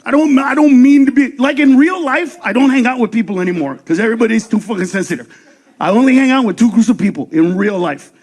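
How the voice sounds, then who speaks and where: A man doing a profane stand-up comedy set, ranting fast, shouting punchlines and acting out voices. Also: extremely high pitch.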